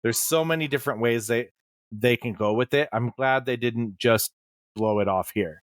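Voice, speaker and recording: A man's voice: medium pitch, moderate pace, no room sound, clean studio sound. A male podcast co-host chatting casually and a bit hesitantly.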